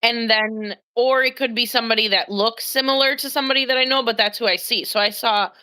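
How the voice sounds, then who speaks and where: A woman's voice: a little high, fairly even intonation, a little fast, bright, forceful tone. Rambling woman telling a dream. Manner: rambling, hesitant, with many fillers and restarts. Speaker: co-host, the host's sister. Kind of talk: casual storytelling chat.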